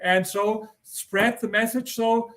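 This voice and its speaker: A man's voice: sits high, steady tone, slow, fairly bright tone. An older man with a German accent, a guest author giving earnest, insistent interview answers and repeating his points.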